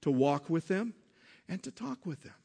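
A man delivering a sermon with a slightly higher-than-usual voice. He drops to hushed, low passages, then climbs into loud, emphatic ones. He keeps putting questions to his listeners. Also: expressive, moderate pace, vocal fry, breathy edge. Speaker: pastor.

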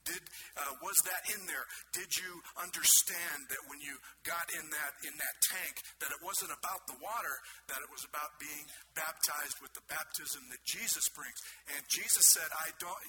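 A man's voice: fairly high pitch, normal speed, hardly any pauses, noisy background. A man preaching a conversational sermon as a pastor, often asking his congregation questions.

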